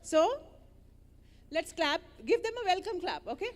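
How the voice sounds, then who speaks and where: A woman leading children through an interactive story, animated and coaxing as she gives playful directions. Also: very high-pitched, unhurried, long reverb tail.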